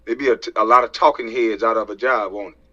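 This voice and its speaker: Speaking fast in a lowish, sharp voice with fairly even intonation, this American social media commentator delivers a profane, heated rant to camera. He preaches and throws out rhetorical questions, captured in dull lo-fi audio.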